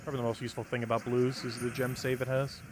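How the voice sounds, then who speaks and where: A man's voice: mid-range voice, little pitch movement, very fast, music in the background. A man chatting casually as a live streamer while playing, answering his chat and laughing often. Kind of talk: casual gameplay commentary.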